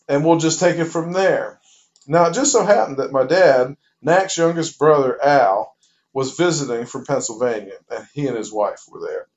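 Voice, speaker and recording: A man telling a casual spoken anecdote in a lively way, playing out each exchange as he goes. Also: medium pitch. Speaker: storyteller. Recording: dull lo-fi recording.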